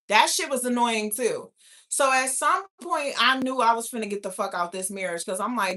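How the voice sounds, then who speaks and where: A young woman hosting a casual livestream, reading viewer comments and telling stories in a blunt, profane, animated way. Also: on the high side, a little fast. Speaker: livestream host.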